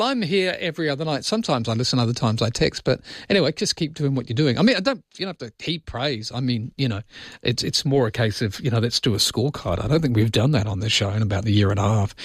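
Middle-aged man, radio call-in host, rambling anecdotal delivery, mid pitch, dry close mic. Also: dry recording. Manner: rambling storyteller with many restarts and fillers. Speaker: radio talk show host. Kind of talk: casual call-in chat.

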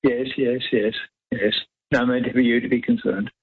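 A man's voice: medium pitch, flat delivery, moderate pace, husky. An Australian man calling in to a radio show, rambling on and talking over the host. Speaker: caller. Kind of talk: phone-in radio chat. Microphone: telephone. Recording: tinny phone line.

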